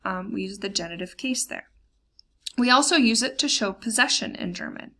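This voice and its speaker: Woman German teacher, slide lesson, gravelly edge, filler-heavy plain explaining. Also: medium pitch, lively intonation, pushed and bright. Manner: slows down for German example words.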